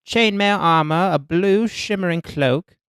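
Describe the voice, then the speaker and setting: A man playing a tabletop game, reading his character sheet in animated casual talk. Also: high voice, unhurried, smooth, no echo, clean studio sound. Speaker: player.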